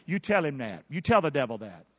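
A man preaching a sermon, calling on his congregation to answer back and bursting out loudly before drawing words out for emphasis. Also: fairly high pitch, big pitch swings, no room sound, muffled recording. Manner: preaching with sudden loud bursts and drawn-out emphasis. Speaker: pastor. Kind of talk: fiery sermon with call-and-response.

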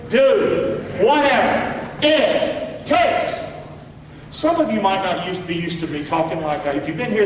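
A man's voice: high-pitched, a little hiss or hum. A man, a pastor from America, preaching an emphatic sermon and calling on his congregation to answer back. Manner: emphatic, calls for congregation response. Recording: echoey hall from far off.

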